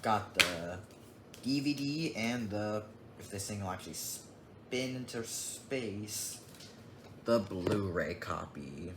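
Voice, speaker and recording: A man's voice: fairly low pitch, animated, slow pace. A young man casually showing off his disc collection, rambling in an offhand way and muttering asides. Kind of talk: casual unboxing vlog. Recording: echoey room with clear background noise.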